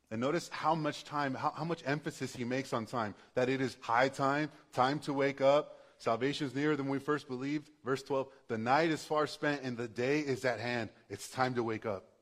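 A man's voice: medium pitch, fairly bright tone. A male pastor preaching a sermon in a conversational, passionate way, building to emphatic bursts.

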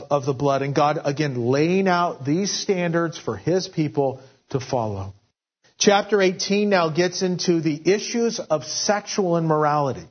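A man preaching a Bible-teaching sermon, with many fillers and restarts, whose voice rises and grows forceful when he voices God's words. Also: sits high, slightly rough. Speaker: pastor. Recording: dull lo-fi audio.

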